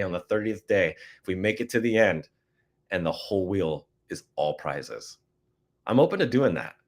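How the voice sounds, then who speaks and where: A man with a somewhat low voice hosts a live-stream prize giveaway. He talks in a loose, chatty way, calls himself a goofball and hypes up each spin for his viewers. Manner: goofy, excitable, chatty. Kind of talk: casual live-stream chat.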